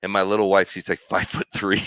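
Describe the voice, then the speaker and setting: A middle-aged man, a sports show guest, telling animated, jokey, self-deprecating stories in casual chat. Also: deep voice, quick pace, no echo. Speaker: guest, former pitcher.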